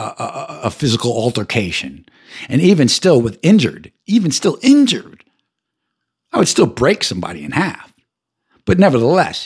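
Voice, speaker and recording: An angry man rants alone on his podcast, swearing constantly. His husky voice swings through a wide pitch range and jumps up high whenever he gets worked up. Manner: profane, ranting, voice jumps high when heated. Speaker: podcast host. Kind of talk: angry solo rant.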